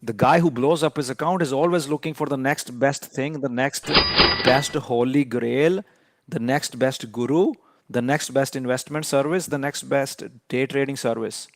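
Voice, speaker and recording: A man's voice: mid-range voice, moderate pace, slight background noise. A man giving a trading lesson in an emphatic, lecturing way, often repeating key points for stress. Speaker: trading educator.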